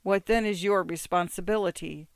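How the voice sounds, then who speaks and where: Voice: medium pitch, fairly even intonation, normal speed, dry recording, lightly acted. A reader voicing a desperate old immigrant father. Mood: begging. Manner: pleading, broken word order. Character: poor desperate old man, pleading father.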